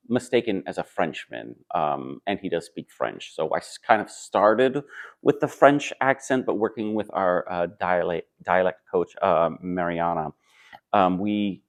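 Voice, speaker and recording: A man who acts on stage, answering interview questions in a friendly, thoughtful way with a clip-on microphone. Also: lowish voice. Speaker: stage actor.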